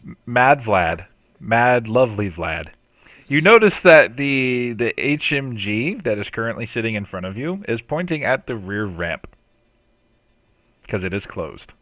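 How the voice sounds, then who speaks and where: A man's voice: medium pitch, very animated, measured pace, a bit bright, no room sound. A man running a tabletop game as game master, explaining rules at length and laughing often.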